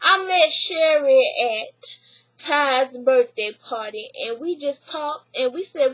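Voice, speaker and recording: A woman's voice: high-pitched, measured pace, rough recording. A woman casually recapping a reality show, laughing and acting out the people she quotes. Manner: laughing, animated retelling with voiced quotes.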